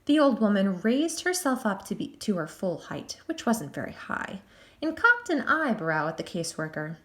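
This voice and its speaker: A woman narrating a children's novel aloud in an expressive, animated way. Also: on the high side, normal speed. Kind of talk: storybook read-aloud.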